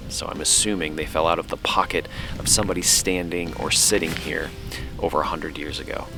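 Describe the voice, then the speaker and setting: A man's voice: sits low, a bit bright. A man hosting an outdoor metal detecting vlog on a lake beach, explaining his finds with enthusiasm. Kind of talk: casual outdoor vlog narration. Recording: background music under the voice.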